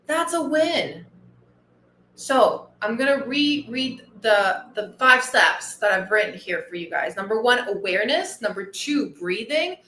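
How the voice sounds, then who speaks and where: A woman's voice: mid-range voice, animated, unhurried, hardly any pauses, sharp tone, reverberant, slight background noise. A woman weight-loss coach hosting a motivational podcast monologue, enthusiastic and earnest, repeating her key phrases.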